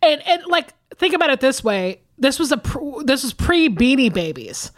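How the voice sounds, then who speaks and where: Woman in her 40s on a podcast, high voice, cussing a lot, super animated, dead dry mic. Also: moderate pace, no room sound. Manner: profane, animated storytelling. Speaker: podcast co-host. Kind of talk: casual chat.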